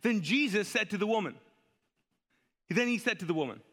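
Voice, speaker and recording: A male pastor preaches in a high, bright, forceful voice, chatting with the congregation and peppering his sermon with rhetorical questions and call-and-response prompts. His voice rings out with a long reverb, as if he is on stage in a large church auditorium. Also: animated, a little fast.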